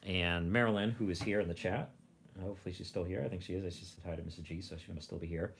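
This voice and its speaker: Low-voiced man chatting on a livestream. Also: steady tone, fast talker, gravelly, a little hiss or hum. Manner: rambling, with frequent restarts and fillers. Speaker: host of a food review channel. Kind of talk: casual livestream chat.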